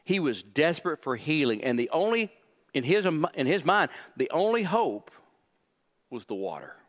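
A male pastor preaching a sermon, emphatic and repeating key phrases, swinging from hushed to loud. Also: on the high side, big pitch swings, normal speed.

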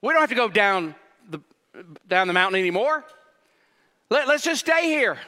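A man preaching voices an impulsive, eager male disciple who pleads to stay put, in a high, bright voice. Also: big pitch swings, moderate pace, big-room sound, heavily acted.

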